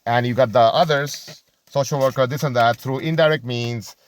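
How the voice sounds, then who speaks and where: A man's voice: mid-range voice, fairly even intonation. A man giving an unscripted, impassioned monologue about religion and society, often stopping to search for words and restarting his sentences. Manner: halting, searches for words, many restarts and fillers; impassioned, argumentative.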